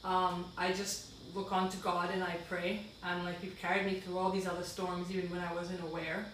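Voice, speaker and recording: A woman's voice: lowish voice, flat delivery, normal speed. A woman guest reading her own reflective writing aloud, earnest and heartfelt, with asides between passages. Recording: very echoey room, far from the mic, faint noise.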